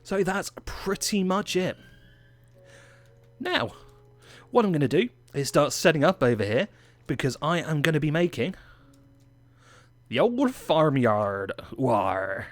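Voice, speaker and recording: A man's voice: on the high side, expressive, moderate pace, pauses often, dry recording. A man from England with an English accent, giving chatty, playful gameplay commentary with self-mocking asides. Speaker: gaming channel host.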